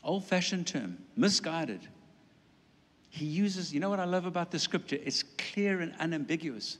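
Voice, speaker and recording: A man preaching a sermon in an animated way, with playful asides and acted-out quotes. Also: fairly high pitch, normal speed. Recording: long hall reverb.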